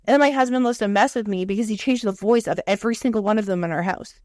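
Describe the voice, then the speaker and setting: A woman co-hosting a podcast, telling animated, profane stories in casual chat. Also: mid-range voice, fast, no echo, studio quality. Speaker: podcast co-host.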